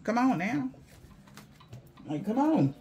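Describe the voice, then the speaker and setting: A man's voice: very high-pitched, very animated, slow, vocal fry, a little mellow, dull audio, a little hiss or hum. A man giving a casual spiritual reading to viewers, blunt, profane and mocking, in loose slangy talk. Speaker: spiritual reader.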